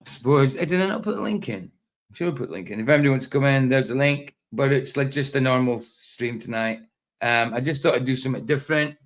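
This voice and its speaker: A man's voice: medium pitch, lively intonation, quick pace. A man hosting a live stream, chatting casually and playfully, rambling and laughing often. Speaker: livestream host.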